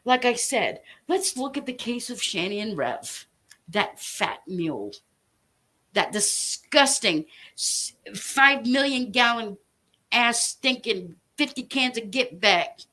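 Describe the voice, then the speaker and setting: Woman with a slightly high voice; furious, foul-mouthed commentator warning someone off. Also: very animated, slow pace, bright, forceful tone. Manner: furious, profane, threatening, emphatic. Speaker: online commentator. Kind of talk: angry direct-to-camera rant.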